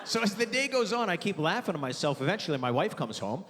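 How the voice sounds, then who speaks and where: A man in his forties performing a stand-up comedy set, telling loud, animated stories and breaking into sudden high yelps. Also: fast talker, long reverb tail, noisy background. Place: theater stage before a live audience.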